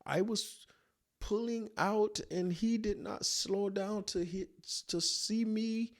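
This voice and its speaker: A man voicing an excitable African man with an African accent, who keeps repeating himself. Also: slow pace. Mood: insistent. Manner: high-pitched, pleading, repeating himself. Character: excitable adult African man driver, insistent.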